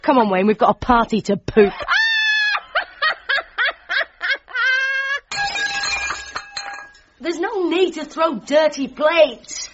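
A woman's voice: high voice, lively intonation, normal speed, few pauses, heavy background noise. A woman voicing a bratty, mocking teenage girl, in a sarcastic way. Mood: scornful. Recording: dull lo-fi sound.

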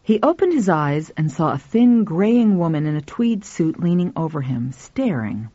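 A woman narrating a story in an expressive, scripted reading. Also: lowish voice, moderate pace, no room sound. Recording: dull lo-fi, dry.

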